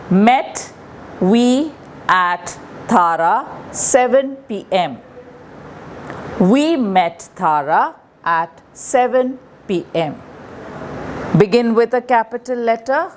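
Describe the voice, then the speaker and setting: A woman's voice: on the high side, darkish tone, slight background noise. A woman teaching a primary school English grammar lesson with an Indian English accent, patiently repeating the rules step by step. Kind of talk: slow classroom grammar lesson.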